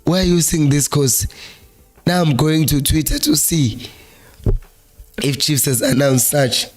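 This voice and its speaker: A hoarse South African man with a flu-worn voice, hosting a live-streamed football chat in a Zulu-accented mix of English and Zulu and reading viewer comments aloud. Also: a little high, expressive, a little slow, soft background music. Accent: South African, Zulu-speaking. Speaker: fan channel host.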